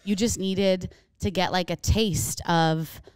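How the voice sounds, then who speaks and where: A woman's voice: on the low side, fairly even intonation, takes it slowly, darkish tone, clear, resonant tone, no room sound. A woman co-hosting a casual podcast chat, bubbly and upbeat, sitting on a couch in the studio. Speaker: podcast co-host.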